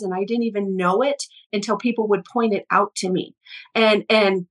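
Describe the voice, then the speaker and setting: A woman's voice: medium pitch, poor audio. A middle-aged woman, an energy healer, telling personal stories in an interview, full of restarts and quoted voices. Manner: animated, quick, many restarts, quotes people. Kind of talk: conversational storytelling interview.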